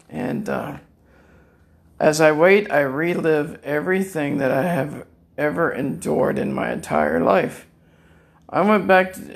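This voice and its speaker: Older man in pain, rambling monologue from home; gravelly, raised pitch. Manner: rambling, repeats words, laughs at own jokes. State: in chronic pain. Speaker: podcast guest. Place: room at home.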